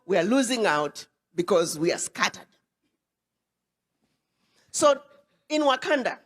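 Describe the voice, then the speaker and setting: Woman ambassador giving a public speech. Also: fairly high pitch. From Ghana. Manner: emphatic, repeats words for weight. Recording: long hall reverb.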